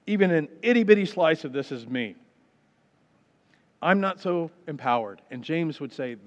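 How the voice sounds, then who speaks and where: A man's voice: a little high, expressive, moderate pace. A man preaching a sermon as a pastor, talking conversationally and acting out people's complaints in mock voices. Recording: dull sound with long hall reverb.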